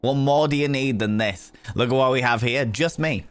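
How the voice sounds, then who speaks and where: A man's voice: medium pitch, moderate pace, clean tone, faint music behind. A man chatting casually on a live stream in a flamboyant, theatrical, camp manner, reading out and thanking his chat.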